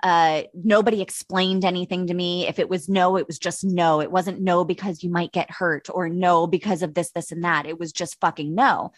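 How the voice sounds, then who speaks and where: A woman in her thirties chatting casually as a podcast guest, swearing freely and jumping up high in pitch when she quotes herself. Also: fairly even intonation, normal speed, few pauses, dry recording, studio quality. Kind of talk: casual chat.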